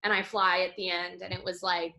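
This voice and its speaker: A woman in her twenties, a Broadway performer and dancer, chatting in an interview with lively restarts and lots of fillers. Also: fairly low pitch, brisk, vocal fry. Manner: animated, tumbling restarts and frequent "like". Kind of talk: casual interview chat.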